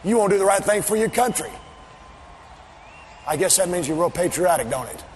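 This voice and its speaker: A man cutting a wrestling promo, taunting and mocking, often shouting. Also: high-pitched, expressive, moderate pace. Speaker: pro wrestler. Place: arena. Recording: echoey arena audio with faint background noise.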